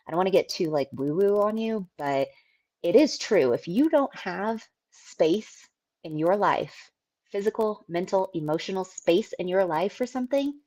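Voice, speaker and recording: A woman with a slightly low voice talks through her solo podcast in a relaxed, candid way. She speaks loosely, drops the odd swear word and laughs easily, like she is chatting with a friend about business. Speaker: podcast host, business owner. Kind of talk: casual solo podcast talk.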